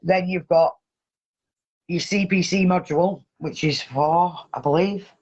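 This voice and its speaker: A woman hosting a casual chat, telling a story in an animated way and swearing heavily. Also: on the low side, measured pace, husky, dull audio. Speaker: podcast host.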